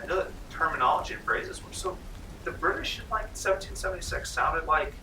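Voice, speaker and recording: A man's voice: a little high, expressive, fairly quick, sharp tone, a little hiss or hum. A man from North Carolina running a tabletop game as game master, chatting loosely with many fillers. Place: library room. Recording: roomy library room, mic far off.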